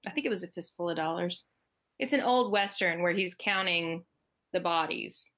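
Relaxed woman co-host, casual chat. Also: lowish voice, moderate pace. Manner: relaxed, chatty, with brief agreeing interjections. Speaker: podcast co-host.

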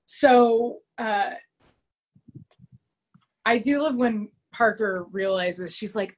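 A woman's voice: on the high side, extremely slow, pauses often, low-quality recording. Chatty woman recapping an episode, lots of "like", acts out the lines. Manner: chatty, retells scenes with lively quoted voices, many "like" fillers. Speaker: podcast co-host recapping a TV episode. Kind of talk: casual chat.

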